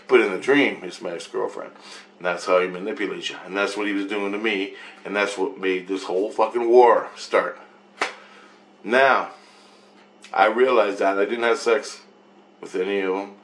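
Man, lowish voice, rambling first-person account, profane, circles back on the same phrases. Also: steady tone, moderate pace, pauses often, fairly bright tone, a little hiss or hum.

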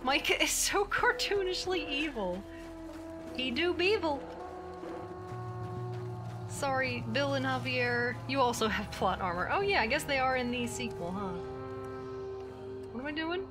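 A woman streaming a video game, talking casually to viewers with jokes and swearing. Her voice sits high and swings lively up and down. Game music plays loudly behind her. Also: normal speed. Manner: chatty, joking, swears freely. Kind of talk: casual live gameplay commentary.

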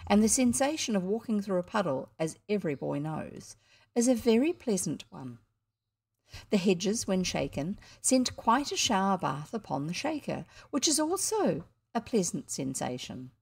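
A woman's voice: mid-range voice, darkish tone. A woman with a New Zealand accent reading a children's story aloud, adding chatty asides to listeners. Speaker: audiobook reader.

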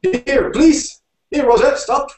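A man voicing a frightened little male carriage driver who shrieks in shrill, panicked yells. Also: drawn-out words, over music, exaggerated voice. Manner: panicked yelling. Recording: roomy, distant mic.

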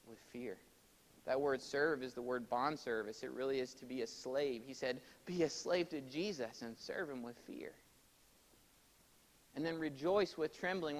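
A man preaching a sermon to his congregation in a church, swinging between loud, emphatic exhortation and quiet explanation, and calling for amens. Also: mid-range voice, rough recording. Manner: addresses congregation directly, calls for amens. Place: church sanctuary.

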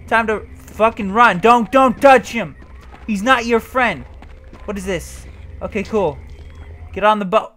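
A man's voice: high-pitched, unhurried, pauses often, sharp tone. Jumpy, cussing young-sounding man playing a game. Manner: jumpy, swearing, talks to himself, yelps when startled. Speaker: gameplay commentator. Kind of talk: let's play commentary.

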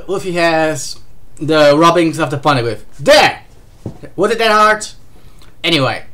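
A host reading a comic aloud in a live reaction, laughing often and breaking into excited outbursts. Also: medium pitch. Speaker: manga reaction streamer.

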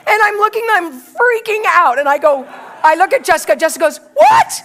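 Lively lady pastor in her 60s, high voice that jumps all over, laughing through her story. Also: a little fast. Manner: animated and laughing, acting out her own story. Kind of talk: sermon storytelling.

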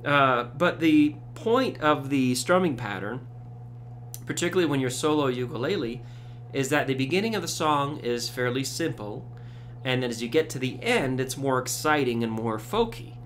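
A man giving a casual ukulele tutorial, relaxed, with frequent fillers, counting beats aloud. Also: medium pitch, normal speed, slight background noise. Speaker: ukulele teacher. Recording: loud ukulele under voice. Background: ukulele strumming.

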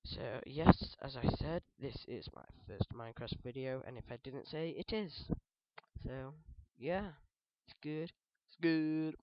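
A British teenage boy chats loosely over his game, joking and backtracking as he goes. His voice sits at a middling pitch. The cheap mic sounds dull and dry, with no room echo. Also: animated, moderate pace, hardly any pauses. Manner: rambling, jokey, self-correcting. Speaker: gaming video host. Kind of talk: casual let's play commentary.

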